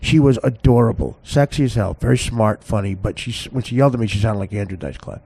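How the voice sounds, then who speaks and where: A man's voice: lowish voice, quick pace, mellow, breathy edge. A podcast host telling a comic story in a rambling way, often laughing at his own tale.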